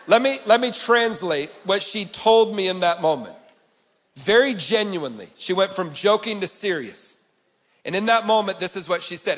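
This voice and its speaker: A man giving a motivational conference keynote, telling a personal story in an earnest way that swings from quiet to emphatic. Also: sits high, animated, normal speed. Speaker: conference speaker. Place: large conference hall. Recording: long hall reverb.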